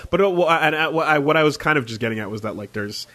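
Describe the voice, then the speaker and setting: Man, podcast co-host, animated pitch, rambling, laughs a lot, swears. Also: quick pace. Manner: rambling, laughing often, profane. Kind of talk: casual podcast chat.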